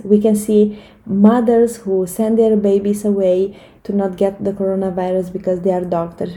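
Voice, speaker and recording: Earnest woman with a gravelly, warm voice. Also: medium pitch, rough recording. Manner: earnest and encouraging, with frequent fillers and restarts. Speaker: vlogger giving life advice. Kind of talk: casual motivational talk to camera.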